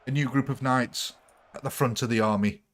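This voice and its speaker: A man's voice: medium pitch, steady tone, a little fast. A young man streaming a strategy game live, chatting jokily with his viewers. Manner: jokey, chatty, giggly. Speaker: gaming livestreamer. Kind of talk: live game commentary with chat.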